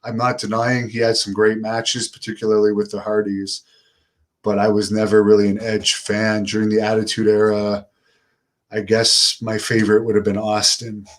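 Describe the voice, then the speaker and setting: A middle-aged man from Canada hosting a casual live stream, answering viewer questions in a relaxed, unenthusiastic way. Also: normal speed. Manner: relaxed, low-key and unenthusiastic delivery.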